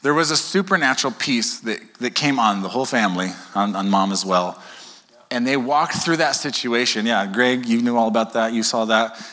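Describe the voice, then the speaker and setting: Long reverb from the hall surrounds a pastor's sermon as he talks with his congregation in an easy, lively manner. Speaking at normal speed in a mid-range voice, he keeps asking "okay?" and trades jokes with the people listening.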